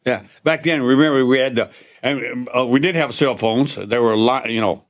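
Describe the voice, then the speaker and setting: A man's voice: medium pitch, moderate pace. A man from Louisiana with a Southern accent, hosting a podcast and telling humorous stories in a casual chat. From Louisiana, USA. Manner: humorous storyteller, acts out the people in his stories. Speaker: podcast host.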